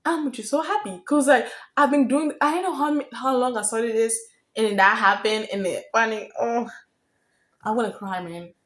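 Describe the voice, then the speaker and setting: A young woman from Africa telling a story in a casual vlog, chatty and excitable, getting loud when thrilled. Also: fairly high pitch, normal speed. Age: young adult. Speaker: vlogger.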